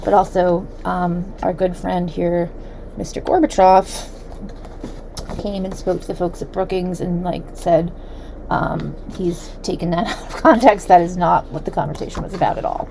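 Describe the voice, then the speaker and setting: A woman's voice: lowish voice, steady tone, normal speed, vocal fry, dark tone, slight background noise, rough recording. Chatty, sarcastic woman host. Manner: chatty and sarcastic, with frequent fillers. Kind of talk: solo commentary reading documents aloud.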